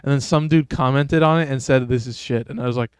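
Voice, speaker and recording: A man's voice: mid-range voice, fairly even intonation, fast, smooth, no room sound. A man streaming a game, chatting casually and rambling in a laid-back, slangy way. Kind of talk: casual gameplay commentary.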